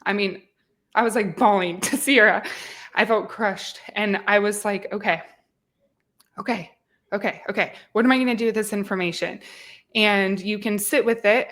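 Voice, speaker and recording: A woman in her thirties talks through a fitness podcast in an earnest, reflective, motivating way. Her voice sits at a middling pitch for a woman. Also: a bit bright. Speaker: fitness podcast host and coach. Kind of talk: casual podcast chat.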